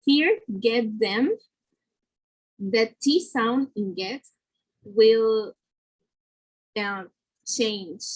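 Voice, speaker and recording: A woman's voice: fairly high pitch, very slow, pauses often, low-quality recording. A woman presenting a lesson, explaining step by step with fillers and self-corrections. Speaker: student presenter.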